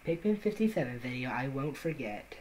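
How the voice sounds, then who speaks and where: A woman streamer talking close to the mic in a deliberately quiet, monotone voice she calls her podcast voice. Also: a bass voice, a little hiss or hum, rough recording. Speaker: streamer making game music. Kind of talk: casual live-stream chat. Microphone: close to the microphone. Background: her own music track playing softly.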